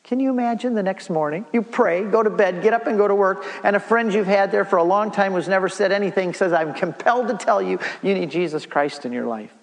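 A man's voice: sits high, fast, few pauses. A middle-aged man giving a storytelling church talk, acting out the dialogue as he goes. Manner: animated storyteller, acts out dialogue. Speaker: Catholic speaker giving a talk. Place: church hall. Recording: long reverb of a large hall.

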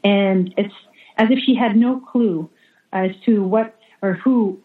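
A woman's voice: mid-range voice, slow pace. Woman religious sister on an echoey phone-like line. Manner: hesitant, many fillers and restarts. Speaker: religious sister, interview guest. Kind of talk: remote interview testimony. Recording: echoey, phone-like remote call audio.

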